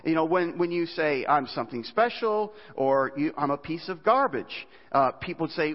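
A man's voice: fairly high pitch, animated, normal speed, hardly any pauses. A man preaching a conversational sermon as a pastor, with frequent fillers and restarts. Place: church. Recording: dull hall reverb.

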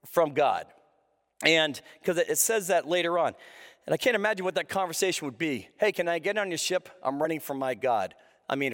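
A man preaching a sermon, reading scripture and then explaining it in a conversational way with frequent restarts. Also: high voice. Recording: echoey hall reverb.

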